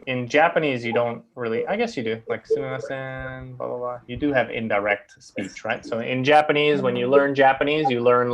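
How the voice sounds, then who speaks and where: A man's voice: mid-range voice, a bit bright, muffled recording. Patient male English teacher. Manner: keeps checking with "right?"; patient, explains by repeating. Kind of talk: classroom grammar lesson.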